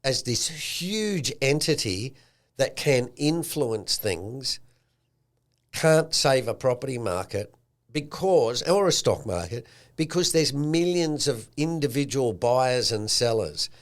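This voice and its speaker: Animated Australian man chatting. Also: medium pitch, slow pace. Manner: animated, acts out quotes with a slangy tone. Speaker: podcast host. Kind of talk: casual chat.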